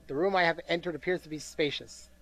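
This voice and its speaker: A man's voice: on the high side, steady tone, fast talker, noisy background. A man reading a game's narration aloud during a playthrough, tired and bored, with small slips and asides. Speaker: gameplay commentator reading game text aloud.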